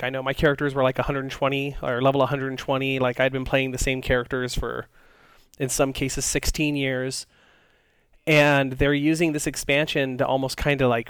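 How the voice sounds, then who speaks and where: Smooth-voiced man in casual chat. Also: medium pitch, a bit bright, no room sound. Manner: rambling, many fillers and restarts. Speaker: podcast co-host.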